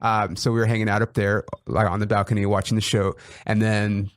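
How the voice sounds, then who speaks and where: A young man hosting a casual podcast, a comedian telling animated stories and acting out quotes with laughter. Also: fairly low pitch, fairly quick, no room sound, studio quality. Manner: animated storytelling, acts out quotes, laughs often. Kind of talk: casual chat.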